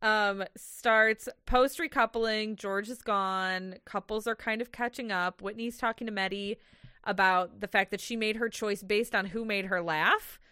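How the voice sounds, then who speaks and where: Bright, giggly young woman podcaster. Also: mid-range voice, fairly even intonation, measured pace, clear, resonant tone, dry recording. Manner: giggly, recaps scenes in a chatty run-on way. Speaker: podcast co-host. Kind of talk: casual recap chat.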